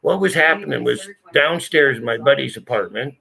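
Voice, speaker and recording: A man's voice: mid-range voice, moderate pace, gravelly, bright, forceful tone. A man telling a story to friends in a blunt, profane, emphatic way. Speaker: channel host telling a story. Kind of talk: casual storytelling.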